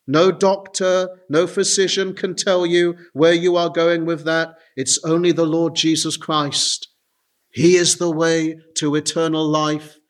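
A man preaching an earnest sermon, often turning to his listeners with direct appeals. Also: sits high.

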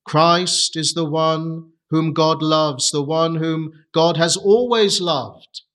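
A man preaching a sermon, earnest and deliberate, lifting his voice on key phrases. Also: a bit bright. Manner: earnest, rises in pitch for emphasis; slow, deliberate delivery.

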